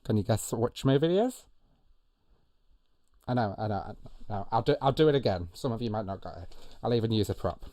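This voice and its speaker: A man's voice: fairly low pitch, a little fast, mellow, no echo. A man hosting a casual live quiz, jokey and self-mocking, with plenty of ums. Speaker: quiz host.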